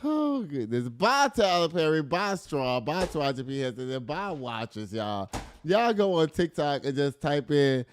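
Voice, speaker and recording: Animated man riffing on the news. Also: a little high, moderate pace, a little hiss or hum. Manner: animated, laughing, swearing, reads news aloud then riffs. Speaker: podcast host. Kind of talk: casual news commentary.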